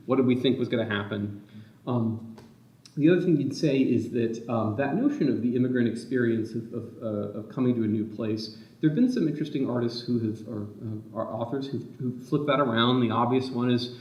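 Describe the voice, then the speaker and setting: A man's voice: medium pitch, a little fast. A man speaking as a literary scholar on a symposium panel, thinking aloud in a meandering way that keeps correcting itself. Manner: thoughtful, meandering, self-correcting. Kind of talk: academic discussion. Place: lecture room. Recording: distant, muffled, echoey room.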